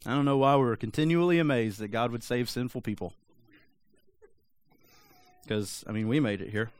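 A man's voice: medium pitch, moderate pace. Conversational male preacher. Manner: conversational, animated, rhetorical asides. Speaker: pastor. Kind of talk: sermon.

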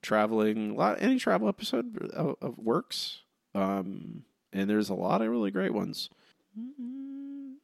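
Podcast guy running trivia, lively up-and-down voice, bit of fry, dry close sound, teasing. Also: medium pitch, no echo. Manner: teasing, animated, quick asides. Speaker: podcast co-host and quiz master. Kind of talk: casual podcast chat.

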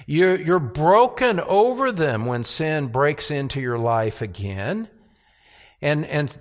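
A man's voice: on the high side, a bit bright. A man preaching a sermon as pastor, earnest, with repeated words and rhetorical questions.

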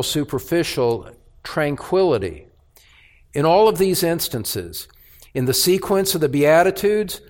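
A man preaching a sermon as pastor, speaking emphatically and repeating key phrases in a measured, deliberate way. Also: a little high.

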